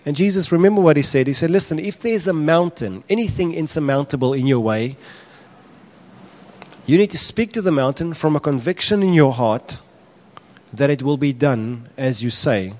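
Male pastor, lively sermon delivery that jumps loud on acted-out quotes. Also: on the high side. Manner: animated, acts out quotes with raised voice.

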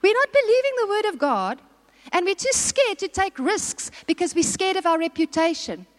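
A woman's voice: very high voice, big pitch swings, normal speed. A woman preaching a sermon, exhorting and putting questions to the congregation. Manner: exhorting, asks the audience questions. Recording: long hall reverb.

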